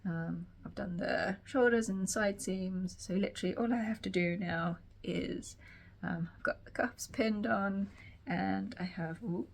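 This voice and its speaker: A woman vlogging casually from her sewing room, a little croaky and tired, rambling chattily with many fillers. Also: mid-range voice, unhurried. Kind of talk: casual chat to camera.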